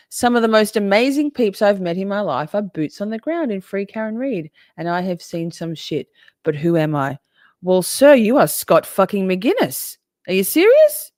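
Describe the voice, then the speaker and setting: Low-voiced woman, casual and sweary. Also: darkish tone, no echo, clean studio sound. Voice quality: swears freely, emotional and chatty. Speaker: livestream host reading chat. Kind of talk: casual live-stream chat.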